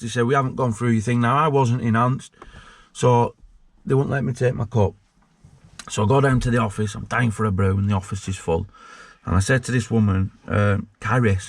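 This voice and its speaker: A former prisoner, appearing as an interview guest, tells his story in a casual, blunt, sweary way, acting out the voices of people in it. His voice is lowish and the recording is dry.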